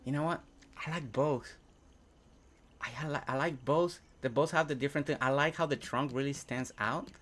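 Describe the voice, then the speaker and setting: A young man whose first language is Spanish, chatting casually on a game live stream, reading chat aloud and thinking out loud while he builds. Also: mid-range voice, normal speed.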